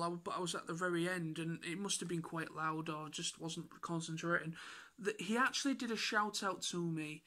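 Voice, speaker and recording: A man with an excitable, rambling way of telling stories in a casual vlog recap. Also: high-pitched. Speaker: YouTuber.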